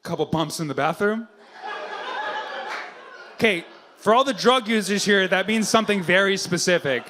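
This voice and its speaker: A man's voice: high-pitched, moderate pace, long pauses. A man doing stand-up crowd work at a live comedy show, bantering brashly and profanely with the audience.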